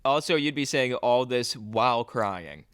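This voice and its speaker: A man co-hosting a casual podcast chat, teasing and slipping into squeaky mock voices. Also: expressive, unhurried, a bit bright, smooth, no echo, clean studio sound. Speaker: podcast co-host.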